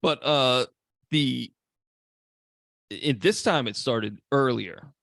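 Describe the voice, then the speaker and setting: Gravelly podcast dude, animated, swears a ton, does the characters' voices. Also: male voice, mid-range voice, takes it slowly, no echo, studio quality. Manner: animated, swears a lot, acts out characters' lines. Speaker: podcast co-host. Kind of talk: casual movie chat.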